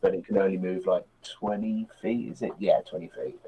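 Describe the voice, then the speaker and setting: A man's voice: low-pitched, fairly even intonation, mellow, breathy edge. A man playing a tabletop game, speaking hesitantly and filling gaps with ums and uhs. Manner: hesitant, drawn-out, with fillers. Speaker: player. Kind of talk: casual tabletop game play. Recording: dull, muffled mic.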